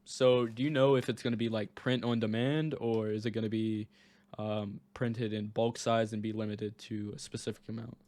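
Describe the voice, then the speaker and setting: A man's voice: lowish voice, flat delivery, normal speed, a little mellow, no room sound. A man hosting a casual podcast interview over a voice call, laid-back and asking short questions. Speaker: podcast host.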